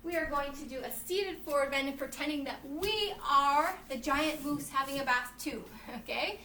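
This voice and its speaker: A woman's voice: high voice, normal speed, sharp tone, far from the mic. A woman who teaches yoga to children, cheerfully reading a storybook and leading a class, often calling the listeners friends. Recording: roomy echo, faint noise.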